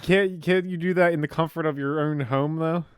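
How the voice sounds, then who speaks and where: A man's voice: fairly high pitch, steady tone, normal speed, clean tone, dry recording, studio quality. A young man hosting a casual podcast, joking and teasing his co-hosts. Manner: joking, teasing, playful interrupter. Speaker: podcast host. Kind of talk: casual chat.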